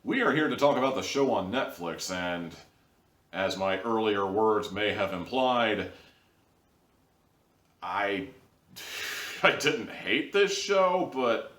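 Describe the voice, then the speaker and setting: A man's voice: fairly low pitch, very animated, takes it slowly, pauses often, a bit bright, echoey room, recorded from a distance. A man hosting a casual video review, rambling and wry in an easygoing way. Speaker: show host and reviewer.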